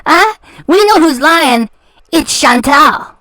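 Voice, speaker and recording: With a sharp, high voice and lively intonation, she takes her time in a dry recording. As host of a reaction channel, she rants in commentary form, taunting sarcastically and echoing words mockingly.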